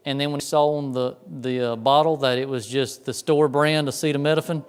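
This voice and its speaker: A man's voice: mid-range voice, steady tone, fairly quick, clear, resonant tone. A pastor preaching a sermon in a conversational way, often repeating words as he tells stories.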